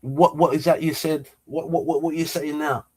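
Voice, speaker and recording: A middle-aged man tells a story straight to camera in an excitable, animated way. He stumbles and repeats words and acts out the lines of the people in it. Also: on the high side, moderate pace, breathy edge. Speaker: vlogger.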